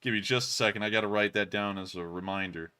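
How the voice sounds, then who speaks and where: Bright-voiced chatty young man. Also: smooth. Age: 20s. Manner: chatty, rambling with many fillers and restarts; speaks in a deliberately raised pitch. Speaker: stream co-host. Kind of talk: casual live-stream chat.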